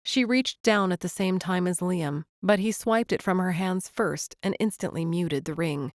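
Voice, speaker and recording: A woman reads a romantic comedy audiobook in gentle, even narration. Her voice is slightly low and recorded close and dry, with no room sound. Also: normal speed, no echo. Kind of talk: scripted narration.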